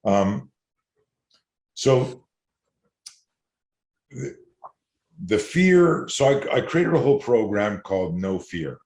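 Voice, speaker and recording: A man who teaches self-defense, telling stories in an interview in an animated, digressive way. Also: lowish voice, takes it slowly, vocal fry, long pauses. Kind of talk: storytelling interview answers. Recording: roomy echo.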